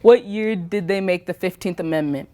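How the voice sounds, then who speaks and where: A woman voicing a loud, bullying male small-town official who barks and mocks in an interrogation. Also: high-pitched, moderate pace, lightly acted. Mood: interrogating. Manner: barking, mocking interrogation.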